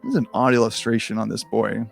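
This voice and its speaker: A man's voice: on the low side, fairly even intonation, a little fast, gravelly, soft background music. A man reading a choose-your-own-adventure book aloud in a casual, comedic way, with rambling, self-deprecating asides and frequent swearing.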